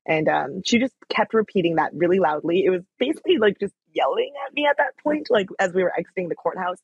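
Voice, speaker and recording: A young woman guest races through her story in a husky, breathy voice. She fills it with "like" and acts out the lines of others. The sound is dry and a bit muffled. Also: fairly low pitch, expressive, fast, no room sound. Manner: chatty, many "like" fillers, acts out quoted lines. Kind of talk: casual interview storytelling.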